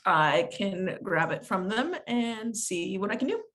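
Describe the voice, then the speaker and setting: A woman co-hosting a webinar, chiming in with quick, helpful asides. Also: mid-range voice, lively intonation, fairly bright tone. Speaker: webinar co-host. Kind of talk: casual chat.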